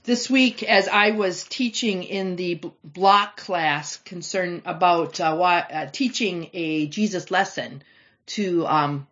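A woman's voice: lowish voice, slow, a bit bright. A woman teaching a Bible study lesson, explaining scripture and reading verses aloud with emphasis. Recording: slightly dull lo-fi recording.

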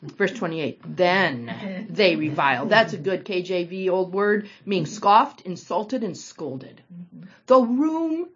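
A woman leading a small-group Bible study, reading scripture aloud and commenting with animated, dramatic emphasis. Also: lowish voice, slow, husky. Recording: dull lo-fi recording.

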